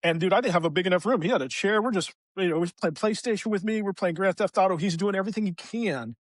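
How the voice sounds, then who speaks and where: Slightly high-voiced man telling a raw story. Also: quick pace, dry recording. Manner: raw and emotional, swears freely. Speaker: podcast guest, veteran. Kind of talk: candid personal storytelling.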